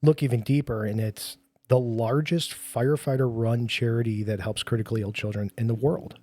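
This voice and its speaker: A man's voice: mid-range voice, steady tone, normal speed, warm tone, dry recording. A middle-aged man, a firefighter who founded a nonprofit, chatting casually on a podcast in a rambling, self-deprecating way with lots of fillers.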